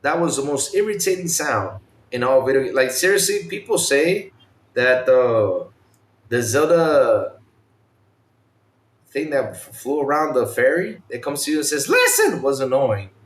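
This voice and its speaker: A man hosting a casual gaming podcast, animated, imitating game sounds and swearing casually. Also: medium pitch, unhurried, echoey room. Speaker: podcast host.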